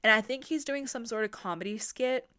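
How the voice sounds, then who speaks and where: A woman podcast host giving a casual, animated, profane recap of a horror movie. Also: on the high side, fairly quick, clean tone.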